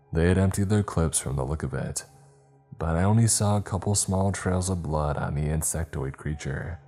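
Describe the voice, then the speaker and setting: Very deep-voiced male horror narrator. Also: warm tone.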